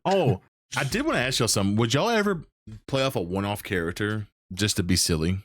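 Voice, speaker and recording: Guy hosting a chill chat, kinda low voice, dry close sound, tells stories with lots of energy. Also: fairly quick, no echo. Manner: animated storyteller who acts out characters, swears and laughs often. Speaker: host. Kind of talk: casual chat.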